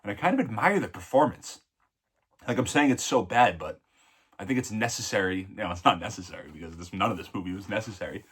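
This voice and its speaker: A man's voice: lowish voice, expressive, fast, a bit bright, slightly rough. A man giving a casual, blunt film review, rambling and correcting himself mid-sentence. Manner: blunt and opinionated. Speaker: movie reviewer.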